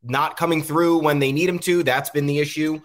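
A man's voice: fairly high pitch, steady tone, moderate pace. A man hosting a casual sports talk show, rambling and frustrated, with frequent ums. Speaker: podcast host.

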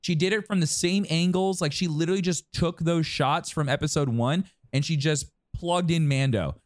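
A man's voice: on the high side, normal speed, no echo, clean studio sound. A man co-hosting a podcast, rambling in casual chat with many restarts and fillers. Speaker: podcast co-host.

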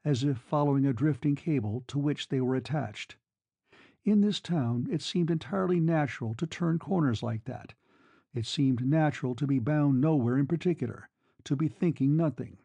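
Mellow, unhurried male novel narrator. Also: fairly high pitch, gravelly, no echo. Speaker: audiobook narrator. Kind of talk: scripted narration of a classic novel.

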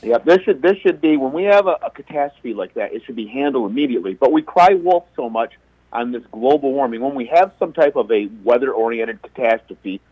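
A man's voice: medium pitch, expressive, a little fast, slightly rough, no room sound. A man calling into a talk radio show, making an earnest, argumentative point. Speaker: caller. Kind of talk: opinionated call-in talk. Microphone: telephone. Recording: dull phone line.

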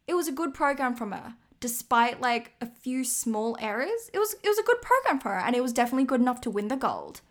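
A woman's voice: fairly high pitch, sing-song, fairly bright tone. Chatty woman podcast co-host. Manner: chatty, laughing, quick asides. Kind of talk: casual chat about figure skating.

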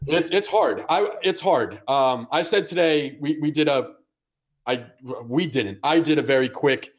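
A man's voice: on the high side, measured pace. A man co-hosting a podcast, talking sports in a blunt, sarcastic way and swearing casually. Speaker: podcast co-host.

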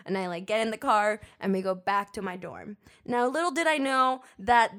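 A woman's voice: medium pitch, normal speed, fairly bright tone. A young woman telling funny stories in casual chat as a co-host, laughing often and swearing freely. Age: young adult. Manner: laughs often, loose and profane.

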